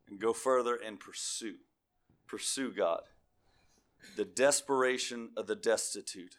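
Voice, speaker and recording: A man's voice: medium pitch, a bit bright. A man preaching a sermon, reading scripture aloud and calling out to his congregation.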